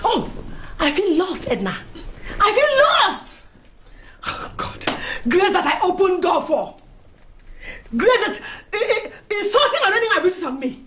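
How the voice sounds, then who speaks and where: An actress with a Nigerian accent playing a proud, domineering society lady who rages and shouts at her rivals. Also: very high-pitched, big pitch swings, normal speed, slight background noise, heavily acted. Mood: furious. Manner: shouting, indignant, theatrical outbursts. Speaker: actor in a film. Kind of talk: melodramatic film acting. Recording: echoey room with music underneath.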